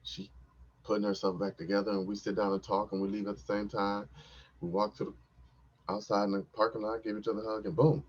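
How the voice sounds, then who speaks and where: A man's voice: on the low side, little pitch movement, brisk, breathy edge, lo-fi sound. A man hosting a podcast, telling a story from his life in a laid-back, slangy, rambling way. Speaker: podcast host. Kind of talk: casual storytelling.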